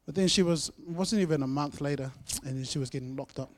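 A man sharing his personal testimony in church, telling his story earnestly, with swings between loud and soft. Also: a little high, quick pace. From New Zealand. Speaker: guest speaker sharing testimony.

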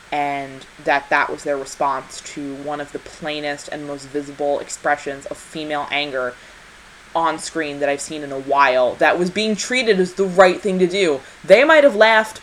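A woman's voice: deep voice, fairly bright tone, rough recording. A woman co-hosting a casual film review, talking in a passionate, emphatic way and repeating phrases for stress. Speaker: podcast co-host.

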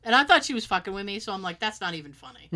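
A woman's voice: mid-range voice, animated, rapid-fire, sharp tone. A woman casually telling a story and acting out the quotes, swearing freely.

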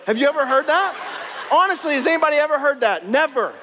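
Animated, high-voiced preacher man in a reverberant hall. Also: normal speed, slight background noise. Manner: animated, jokey, calls out to the crowd. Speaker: pastor. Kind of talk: sermon.

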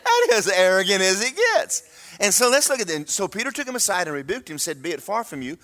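A man's voice: high-pitched, sing-song, brisk, bright, forceful tone. A man, preaching a sermon to his church in a folksy, humorous, emphatic way. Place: church sanctuary.

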